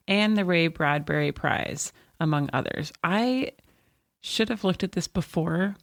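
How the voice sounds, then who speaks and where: Woman, podcast co-host, low voice, chatty with frequent laughs, dry sound. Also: dry recording. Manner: laughs often, chatty and self-correcting. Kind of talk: casual chat.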